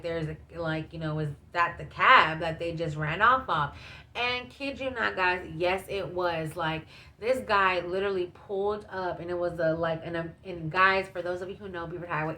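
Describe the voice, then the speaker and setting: A woman's voice: lowish voice, bright, forceful tone. A woman vlogger telling a story in a casual storytime, chatty and full of fillers and asides to her viewers.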